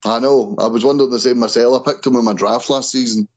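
A man's voice: medium pitch, steady tone, fast, darkish tone, low-quality recording. A man hosting a casual wrestling chat podcast, tripping and restarting over names. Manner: stumbles and repeats words on names. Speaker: podcast host.

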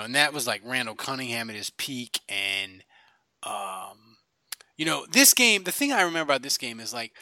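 A middle-aged man from Louisiana, a podcast co-host, tells rambling sports stories in casual chat, full of fillers and restarts. His voice is mid-range with a sharp tone, and the recording is dry.

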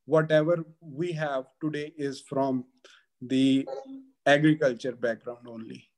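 A man from Punjab, a guest in an interview, talking haltingly with many fillers and restarts. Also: medium pitch, fairly even intonation. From Punjab, India. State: getting emotional. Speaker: guest, advocate. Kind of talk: emotional interview conversation.

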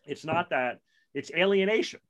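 A man's voice: on the high side, lively intonation, normal speed, fairly bright tone. A man in a casual discussion, emphatic and argumentative, repeating words for stress.

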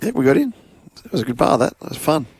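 A man's voice: a little high, big pitch swings, fast, darkish tone, slightly rough, dry recording. An Australian man co-hosting a radio show in chatty, joking banter. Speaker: radio co-host. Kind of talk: casual banter.

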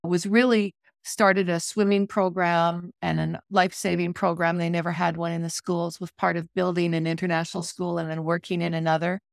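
A middle-aged woman, a podcast guest, telling a personal story in a vivid, animated way over a video call. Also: lowish voice, normal speed, gravelly, hardly any pauses, no echo, clean studio sound.

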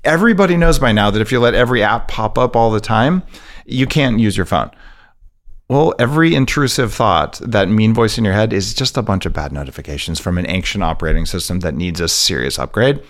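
A man talking as a podcast guest, explaining his ideas in a fast, emphatic way. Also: lowish voice, animated. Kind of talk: interview, conversational.

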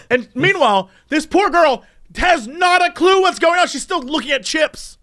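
Animated, high-voiced man telling a story. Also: normal speed. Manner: animated, laughs often, acts out voices. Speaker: podcast storyteller. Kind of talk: casual storytelling chat.

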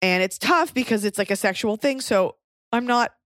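A woman's voice: a little high, normal speed, fairly bright tone, no echo, clean studio sound. A woman in her thirties, a comedian hosting a podcast, giving blunt, crude, rambling advice in casual chat.

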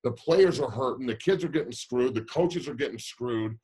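A high school football coach ranting heatedly, blunt and swearing, fired up about his players losing their season. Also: normal speed, a little mellow, slightly rough. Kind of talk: heated radio call-in rant.

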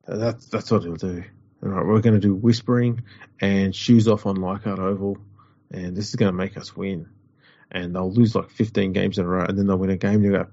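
A man's voice: deep voice, fairly even intonation, fairly quick, creaky, a little mellow, no room sound. A man, co-hosting a sports chat show, rambling and wry. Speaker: podcast co-host. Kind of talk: casual chat. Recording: dull lo-fi audio.

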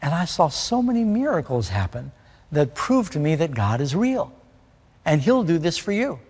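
A man's voice: on the high side, sing-song, moderate pace, a little mellow, husky, long reverb tail. A man from New York City preaching a conversational sermon, often putting questions to his listeners.

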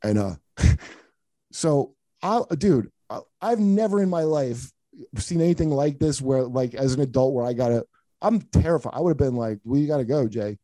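A middle-aged man hosting a podcast spins profane, rambling stories, restarting his sentences as he goes. His voice is very dark and mellow. It sits in a mid pitch, heard dry and close with no room around it. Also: animated, moderate pace, dry recording. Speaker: comedian podcast host. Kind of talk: casual storytelling chat.

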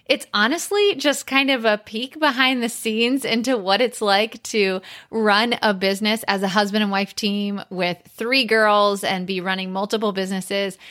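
A woman's voice: mid-range voice, bright, forceful tone. A woman in her thirties hosting a podcast, chatting in an upbeat, lighthearted way. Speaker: podcast host. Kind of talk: casual podcast chat.

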